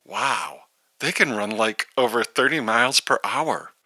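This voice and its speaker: A man's voice: mid-range voice, animated, a little slow, pushed and bright, breathy edge, no echo, full character voice. A man voicing a bored teenage valley girl who drawls through slang and fillers.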